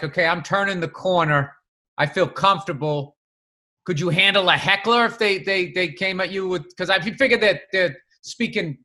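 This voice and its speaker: A man's voice: sits high, sharp tone. A man hosting a podcast, asking curious, probing questions that halt and restart as he works them out. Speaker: podcast host. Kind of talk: interview questions.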